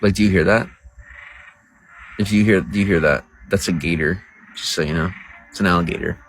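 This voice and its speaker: A man's voice: low voice, a little fast, a little hiss or hum, low-quality recording. A man livestreaming to viewers in casual talk, crude, boastful and rambling. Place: outdoors by a road.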